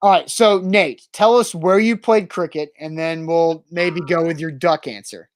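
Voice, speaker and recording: High-voiced man eagerly bantering over trivia. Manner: eager, quick to guess and banter. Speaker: co-host of a trivia segment. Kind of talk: casual sports chat.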